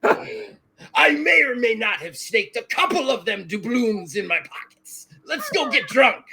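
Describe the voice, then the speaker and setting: A hoarse man voicing a rowdy, greedy, boozy male crewman with a pirate drawl in a tabletop game. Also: very high-pitched, very animated, measured pace, voice pushed up, full character voice. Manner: gruff pirate drawl, loud bursts.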